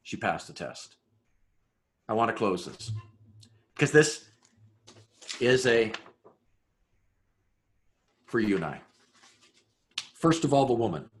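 A man preaching a sermon, building through rhetorical questions and dropping to a hushed voice for emphasis. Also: mid-range voice, sing-song, slow, pauses often, slight background noise. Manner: dramatic rhetorical questions, swings between loud and hushed. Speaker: pastor.

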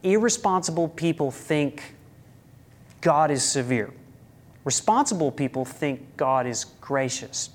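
A man's voice: on the high side, animated, measured pace. A man preaching a sermon as a pastor, emphatic, with rhetorical questions and sudden rises in his voice.

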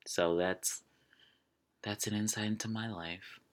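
A man's voice: fairly low pitch, fairly even intonation, measured pace. A man in his twenties hosting a casual solo show, rambling along with jokey asides. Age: 20s. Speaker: podcast host.

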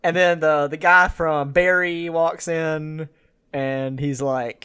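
This podcast co-host walks through a movie scene by scene in a casual recap, laughing often and performing characters' lines. His voice is on the high side, clear and resonant, and he takes his time.

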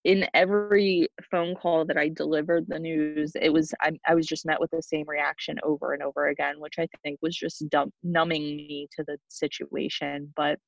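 A young woman, a podcast guest, telling a personal story in a halting way with frequent restarts. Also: low voice, level tone, creaky, no room sound. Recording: dull lo-fi dry sound.

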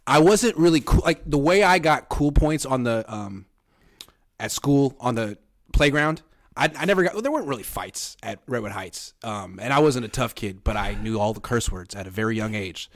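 A man's voice: medium pitch, animated, normal speed. A young adult man hosting a podcast in an easygoing casual way, reading viewer comments aloud. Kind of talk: casual chat.

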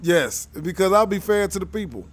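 A man's voice: sits high, animated, moderate pace, slight background noise. A man co-hosting a podcast in casual chat, joking and rambling with frequent restarts. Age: adult, professional teacher. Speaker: podcast co-host.

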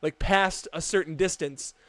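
A man's voice: fairly high pitch, unhurried, a bit bright, dry recording. A young American man co-hosting a podcast, chatting casually, laughing often and restarting his sentences. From United States. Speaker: podcast co-host. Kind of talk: casual chat.

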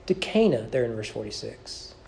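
Animated preacher, swooping between loud and hushed. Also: male voice, normal speed, vocal fry, a little hiss or hum. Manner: builds to emphatic peaks, drops to soft low endings; repeats phrases for emphasis. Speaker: pastor. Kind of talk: sermon. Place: church sanctuary.

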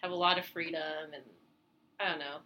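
A woman in her twenties co-hosting a podcast, chatty and quick to laugh as she tells stories in casual conversation. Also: low-pitched, fairly even intonation, sharp tone, slight background noise. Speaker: podcast co-host. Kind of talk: casual chat.

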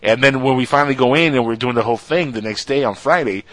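Male guest, rapid-fire and animated, casual chat, dry recording. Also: mid-range voice, no echo. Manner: animated storyteller; acts out other people's voices when quoting them. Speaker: guest, radio show co-host.

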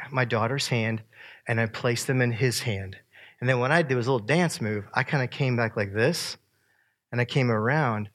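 A man, joking with an audience as he walks through family photos, swinging from loud to soft. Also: medium pitch. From Virginia. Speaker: speaker sharing family photos. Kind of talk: casual talk to an audience.

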